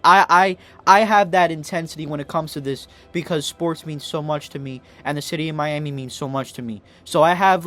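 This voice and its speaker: A young man rants to camera as a sports podcast host, fired up and emotional, near tears. His voice sits fairly high for a man, and he keeps tripping over restarts and swearing. Faint music plays behind him. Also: a bit bright. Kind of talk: impassioned fan rant to camera.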